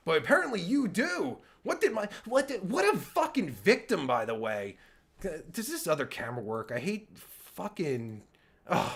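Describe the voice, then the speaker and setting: A man's voice: sits high, huge pitch swings, a little slow, vocal fry, a bit bright, husky. A man hosting his own livestream, reacting to a clip in an exasperated, sarcastic and stammering rant. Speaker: podcast host reacting to a clip.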